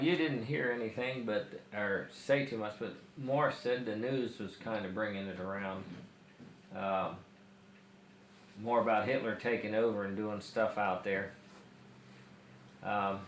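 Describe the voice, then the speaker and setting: A man interviews a relative about family history, pausing often as he shapes his questions. His voice is on the low side. The room is echoey with a faint hiss. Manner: hesitant, many fillers while framing questions.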